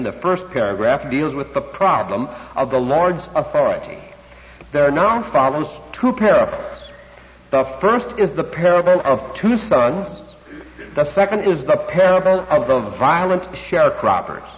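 A man preaching an expository sermon, emphatic and dramatic, slowing down to stress key words. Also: on the high side. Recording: lo-fi recording with long hall reverb.

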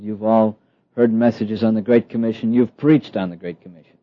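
A middle-aged man preaching a sermon, slow and emphatic, with dramatic pauses and soft asides. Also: fairly low pitch, steady tone, no echo. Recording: dull, lo-fi dry sound.

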